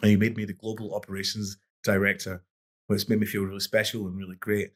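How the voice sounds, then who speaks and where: A middle-aged boxing coach guesting on a podcast speaks fast and flat in a lowish, fairly bright voice. He spins relaxed, rambling stories with many false starts.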